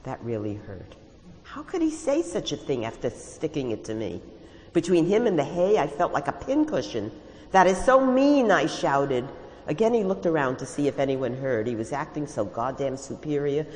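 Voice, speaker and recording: A woman's voice: rumbling low, very animated, normal speed, mellow, long reverb tail, a little hiss or hum, poor audio. Wry woman reading her own stories. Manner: wry, confiding first-person storytelling. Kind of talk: reading aloud at an event.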